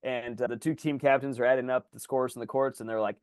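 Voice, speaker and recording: A man's voice: medium pitch, fairly even intonation, fast talker, darkish tone, smooth, no echo, clean studio sound. A man telling a story as a guest in a casual podcast conversation. He talks animatedly, acts out other people's lines and swears freely. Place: Indianapolis area.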